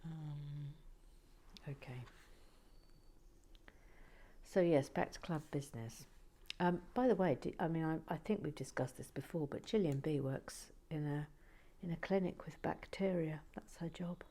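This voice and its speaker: A woman hosting a relaxing building video, talking softly with dry teasing humour, often close to a whisper, on a close mic. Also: low-pitched, measured pace. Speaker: host.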